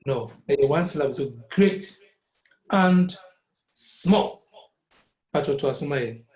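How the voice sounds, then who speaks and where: A man's voice: a little high, lively intonation, slow, a little mellow. A man with a Ghanaian accent teaching a music lesson, patiently repeating words syllable by syllable. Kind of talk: classroom lesson mixing Twi and English. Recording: echoey room.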